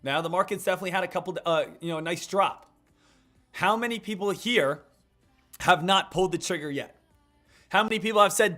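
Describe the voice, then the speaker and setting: Male trading-stream host, higher-pitched, pumped-up coaching patter, soft music behind. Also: a little fast, pauses often. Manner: upbeat, repetitive hype, addresses viewers as guys and traders. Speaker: day-trading livestream host. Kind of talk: live market commentary and coaching.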